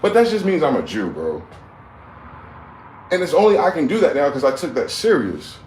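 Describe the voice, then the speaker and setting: Man, 40s, heated profane rant, lively swooping pitch, roomy echo. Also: moderate pace. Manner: heated, swings from loud outbursts to low mutters. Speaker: livestream host. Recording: echoey room with faint background noise.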